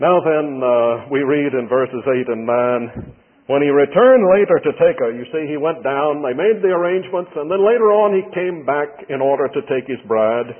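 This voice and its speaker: A man's voice: on the high side, animated, moderate pace. A man preaching a sermon who teaches through folksy storytelling with touches of humor. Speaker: pastor. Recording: tinny broadcast with long hall reverb.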